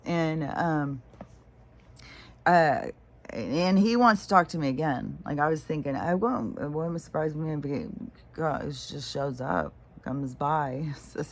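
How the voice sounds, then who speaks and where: A woman's voice: low-pitched, slow pace. A woman talking casually in a meandering monologue, full of fillers and quoted asides, laughing often. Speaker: vlogger.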